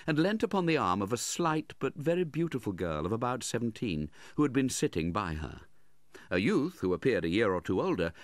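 A man narrating a classic novel as an audiobook, measured and expressive. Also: deep voice, dry recording, studio quality.

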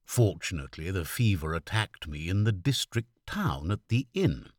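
A man narrating a classic story as an audiobook, in a measured, expressive storytelling manner. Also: deep voice, no room sound, clean studio sound.

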